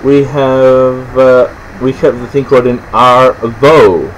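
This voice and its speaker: Speaking unscripted to camera, an Australian presenter explains slang in a loose, rambling way, halting often, restarting sentences and leaning on fillers. His voice is medium-pitched and steady. The recording is rough, with a little hiss or hum.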